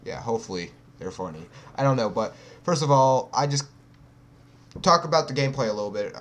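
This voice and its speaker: A man's voice: medium pitch, animated, a little fast. A teenage boy casually commentating his own gameplay in a laid-back, slightly awkward way. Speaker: channel director and gameplay commentator.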